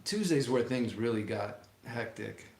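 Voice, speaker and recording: A man chatting calmly beside his wife on a vlog, keeping his replies brief. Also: medium pitch, a little slow. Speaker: co-host. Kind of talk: casual chat. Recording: echoey room.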